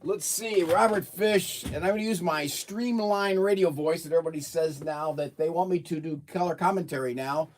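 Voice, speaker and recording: A man hosting a casual livestream. He rambles, jokes and reads out viewer comments in a slightly high voice. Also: normal speed, hardly any pauses, darkish tone. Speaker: livestream host.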